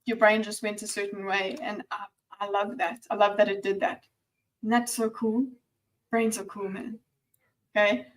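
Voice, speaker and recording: A woman gives casual reaction commentary on a discussion video, speaking at a moderate pace in a mid-range voice. She's chatty and animated, often stammers and restarts, and sometimes drops to a near-whisper.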